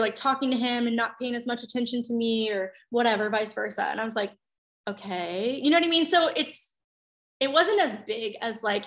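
A woman, a mother in her thirties, telling a personal story in candid casual chat, swearing freely and acting out quotes. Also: fairly bright tone. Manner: chatty, swears freely, acts out quotes with big pitch jumps.

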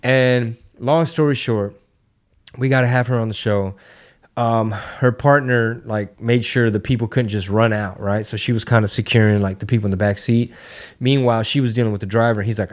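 Man, podcast co-host, slangy, profane storyteller, mid pitch. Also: normal speed. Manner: loose, profane, slangy storyteller acting out quotes. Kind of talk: casual chat, storytelling.

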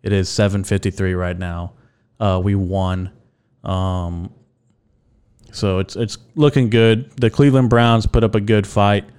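A man's voice: on the low side, fairly even intonation, unhurried, a little mellow, clean tone. A young man hosting his own podcast alone, rambling and joking casually, with lots of fillers and some swearing. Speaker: podcast host. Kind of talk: casual solo podcast chat.

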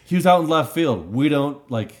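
A man's voice: a little high, animated, normal speed. A man co-hosting a podcast, talking in a rambling way with many "like"s. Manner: rambling, heavy use of "like". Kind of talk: casual podcast chat.

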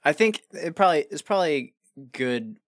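A man's voice: fairly high pitch, lively intonation, brisk, dry recording. A man co-hosting a movie news podcast in a studio, chatting easily with short reactions and casual remarks. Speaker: podcast co-host. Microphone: studio mic.

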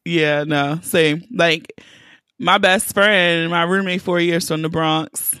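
A woman's voice: lowish voice, steady tone, slow pace, fairly bright tone, smooth, no room sound. A woman in her thirties hosting a podcast, candid and profane, laughing easily in casual chat. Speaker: podcast host.

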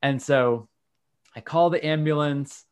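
A man's voice: fairly high pitch, unhurried, smooth. A man, candidly telling a personal story in casual conversation. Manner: candid, frank, occasional swearing. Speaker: guest.

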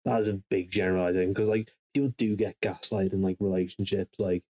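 A podcast co-host with a fairly low voice, wry and teasing in casual chat. He riffs on his guests with a deadpan edge. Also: fast, low-quality recording.

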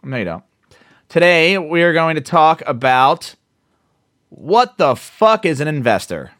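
A man's voice: a little high, big pitch swings, measured pace, fairly bright tone, dry recording, studio quality. A man co-hosting a casual podcast, joking loosely and swearing as he chats. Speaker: podcast co-host.

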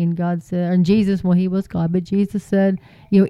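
A woman's voice: medium pitch, fairly even intonation, quick pace, a little mellow, smooth, dry recording. A woman preaching informally and earnestly to her viewers, folksy and repeating phrases for emphasis. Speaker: Christian YouTube preacher.

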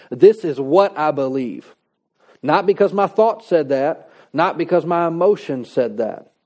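A man's voice: a little high, a little mellow. A man preaching a sermon in a conversational, folksy way, reading scripture and adding plain-spoken asides. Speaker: pastor.

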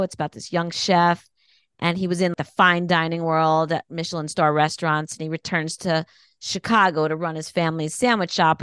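A woman co-hosting a podcast, chatting casually and bluntly about TV shows with animated opinions. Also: on the low side, clear, resonant tone, no echo, studio quality. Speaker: podcast co-host.

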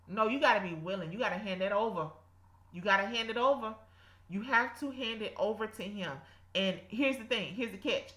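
A woman's voice: medium pitch, brisk, a bit bright, echoey room. A woman preaching informally to her listeners, fervent and repetitive, breaking into laughs and exclamations. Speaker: podcast host and Bible teacher.

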